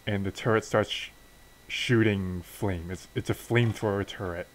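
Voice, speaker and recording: A man's voice: fairly low pitch, steady tone, moderate pace, poor audio. A man casually narrating a wrestling game story as a let's play, with fillers and restarts.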